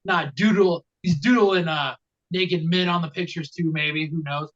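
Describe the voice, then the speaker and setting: This man, co-hosting a wrestling podcast, wanders through a casual, funny recap packed with fillers and dry jokes. He talks a little slowly in a fairly bright tone, captured on a dull, low-quality mic.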